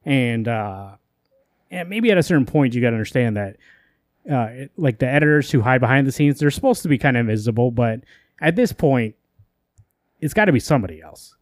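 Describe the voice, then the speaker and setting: Retelling a funny story on his podcast, this co-host speaks with an expressive, medium-pitched voice, wandering loosely, tossing in quick quoted asides and swearing casually. It's recorded in studio quality without room sound.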